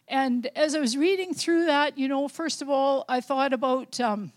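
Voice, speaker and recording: High-voiced grandmother giving heartfelt church talk. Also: normal speed. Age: older. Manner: heartfelt, rambling, many fillers and restarts. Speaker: lay speaker at church. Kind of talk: informal church talk and testimony.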